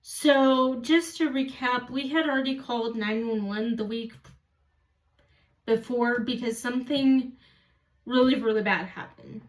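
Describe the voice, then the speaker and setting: Woman vlogger, high voice, unhurried, rambling storyteller, a bit far from the mic. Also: fairly even intonation. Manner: rambling, stops to correct herself. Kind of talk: casual storytelling.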